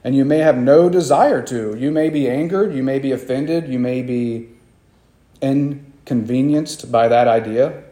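Earnest male pastor mid-sermon, emphatic and repetitive, mid-pitched warm tone in a reverberant sanctuary. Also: measured pace. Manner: earnest, emphatic preaching with repeated phrases.

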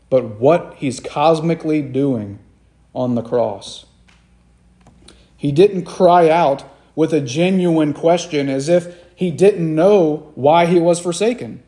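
A man's voice: fairly high pitch, mellow. A man preaching a sermon, earnest and repeating phrases for emphasis, asking his listeners questions directly.

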